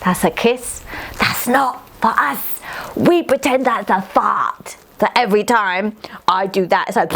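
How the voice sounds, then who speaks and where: A woman's voice: medium pitch, a little slow, creaky, fairly bright tone, husky, exaggerated voice. A woman voicing a cheeky, chatty little girl fairy who talks bluntly and straight to the listener in a children's story.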